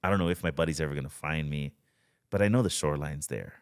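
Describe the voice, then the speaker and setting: A man, a guest on a podcast, speaking in a relaxed storytelling way with a lot of "you know" and "like.". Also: very deep voice, fast. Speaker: guest, spearfisher. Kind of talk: casual podcast conversation.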